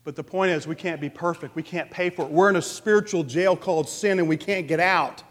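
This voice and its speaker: A man pastor delivering an animated sermon, asking the congregation questions. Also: on the high side, brisk. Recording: long reverb of a large hall.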